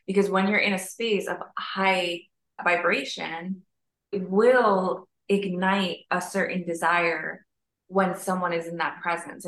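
Woman guest, spiritual mentor type; gravelly, low, long flowing emphatic phrases; echoey room. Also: fairly bright tone. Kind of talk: casual spiritual conversation. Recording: roomy echo.

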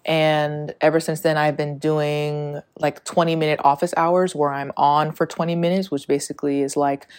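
A woman's voice: deep voice, little pitch movement, normal speed, few pauses. A young woman hosting her own podcast, talking candidly and a little out of breath, rambling and swearing freely with frequent laughs. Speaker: podcast host. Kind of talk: casual solo podcast monologue.

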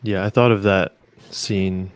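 A man's voice: deep voice, fairly even intonation, unhurried, clean tone. A man co-hosting a faith podcast, speaking in an earnest, reflective way. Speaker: podcast co-host. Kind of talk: casual faith chat.

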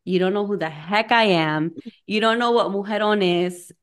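A young American woman from a Mexican family coaches and hosts a conversational webinar, talking into a computer mic on a video call. Her mid-range voice is smooth and moves at normal speed, and she keeps things chatty and personal while slipping in Spanish phrases.

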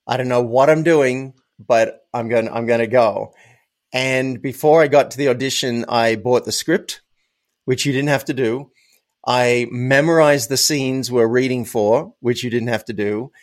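A man's voice: mid-range voice, measured pace. Emphatic man telling stories as a guest. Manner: emphatic, anecdotal, repeats words for stress. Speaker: podcast guest. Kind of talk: casual interview storytelling.

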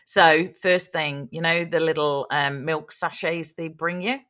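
A woman's voice: deep voice, fairly even intonation, measured pace, fairly bright tone. A woman co-hosting a podcast, telling stories in a chatty way and laughing often. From Australia. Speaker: podcast co-host. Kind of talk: casual chat.

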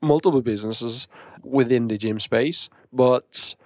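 A man's voice: mid-range voice, unhurried, darkish tone, dry recording, studio quality. A young Irish man, founder of a gym business, chatting casually on a podcast and acting out the dialogue in his stories. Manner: storytelling, acting out quoted dialogue.

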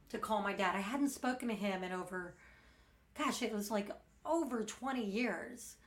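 A middle-aged woman hosting a meditation podcast, telling a personal story candidly in a frank, earnest way with blunt wording. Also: mid-range voice.

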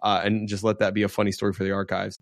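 A man's voice: on the low side, monotone, very fast, vocal fry, no room sound. A man hosting a podcast in casual chat, laughing often and rambling with restarts. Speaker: podcast host.

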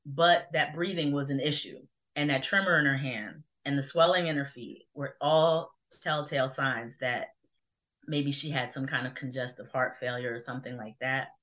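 Middle-aged woman from New Jersey, deep bright voice, earnest reflective testimony, lo-fi sound. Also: moderate pace. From Burlington, New Jersey. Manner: earnest, reflective, with many fillers. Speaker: guest. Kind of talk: personal testimony in conversation. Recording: dull lo-fi sound.

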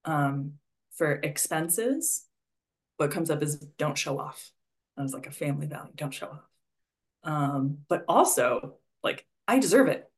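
A woman's voice: sits low, a little slow. A woman coaching a conversation about money beliefs, speaking reflectively and prompting with questions between fillers. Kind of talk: guided conversation.

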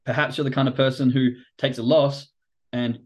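A man's voice: mid-range voice, moderate pace. Casual man explaining trading psychology. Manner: casual, animated, acts out quoted reactions; swears casually. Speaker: podcast host and trading coach. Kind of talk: livestream explainer talk.

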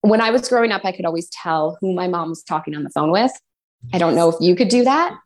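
A woman's voice: on the low side, animated, fast. A woman voice coach co-hosting a live online chat. She explains at an easy pace and briefly puts on other voices to illustrate her points. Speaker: voice coach, co-host.

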